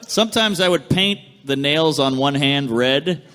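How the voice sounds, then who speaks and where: A man, a comedian guest on a live podcast, trading wry, drawn-out wisecracks. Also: fairly high pitch. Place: live theater stage with audience. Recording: live stage recording with loud crowd.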